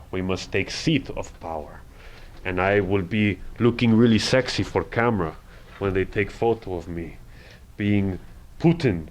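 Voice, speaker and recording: A man playing a boastful Russian strongman leader in an improv scene, with a put-on Russian accent, broken grammar and pompous threats. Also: fairly low pitch. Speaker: improv player.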